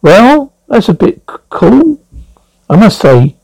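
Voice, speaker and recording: A man's voice: high voice, big pitch swings, slow, vocal fry, darkish tone, dry recording, pitched above the performer's own voice, exaggerated voice, low-quality recording. A man reading Travis, a blunt older explorer. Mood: insistent.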